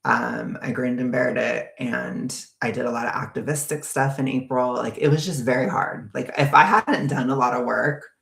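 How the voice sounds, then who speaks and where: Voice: medium pitch, steady tone, moderate pace, vocal fry, hardly any pauses, a bit bright, echoey room. A vlogger ranting in a casual, profane, exasperated way.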